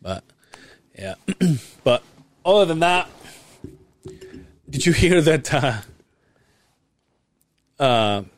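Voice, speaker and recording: This young podcast co-host has a slightly high voice and speaks extremely slowly, leaving long pauses. He drawls through a long, casual story, swearing freely and vividly imitating the voices of people involved.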